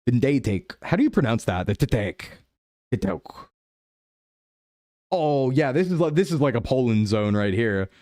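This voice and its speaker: A young adult man streaming a game live, chatting playfully with his chat and thinking his guesses out loud. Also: medium pitch, big pitch swings, moderate pace, pauses often, no room sound, clean studio sound. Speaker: VTuber streamer. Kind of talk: live-stream gameplay commentary.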